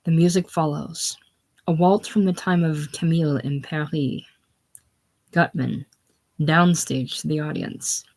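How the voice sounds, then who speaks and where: A woman's voice: low voice, steady tone, measured pace, a little mellow. A woman casually reading a play aloud, reading the stage directions plainly. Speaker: reader.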